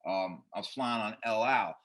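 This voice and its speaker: A man telling a story as a podcast guest, in a casual, animated and profane way. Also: lowish voice, normal speed.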